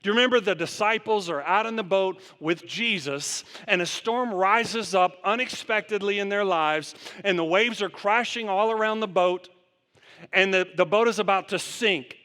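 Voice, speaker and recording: A man's voice: high voice, normal speed, pushed and bright. A man preaching a sermon as pastor, putting rhetorical questions to the congregation in long runs. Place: church sanctuary. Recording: long church reverb.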